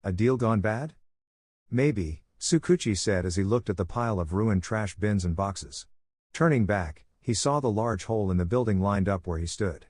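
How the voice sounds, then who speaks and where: A man narrating a scripted fan-fiction story in a steady, even storytelling manner. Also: lowish voice, normal speed, no room sound, studio quality.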